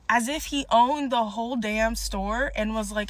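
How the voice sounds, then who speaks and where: A woman's voice: on the high side, a little slow, few pauses. A woman telling a bad-date story to camera in a dramatic, sassy way, talking straight to viewers. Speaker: vlogger.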